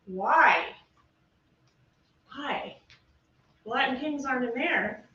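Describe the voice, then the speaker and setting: A woman prosecutor giving a closing argument to a jury, pressing her points with rapid rhetorical questions, heard through a distant courtroom feed. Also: sits high, expressive, pushed and bright. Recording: roomy, distant, muffled courtroom feed with faint hiss.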